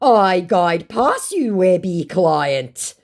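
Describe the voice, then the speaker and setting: A woman voicing a boastful young male online scammer, who taunts in slow, drawling broken pidgin. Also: lowish voice, very animated, voice pushed up, full character voice.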